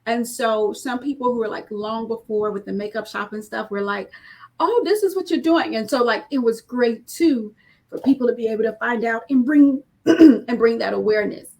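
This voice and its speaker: A woman's voice: fairly high pitch, normal speed, darkish tone. 30s woman business owner on a video call from her home studio, earnest, rambly, lots of ums. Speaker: small business owner guest. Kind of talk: casual panel conversation. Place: home studio, former bedroom.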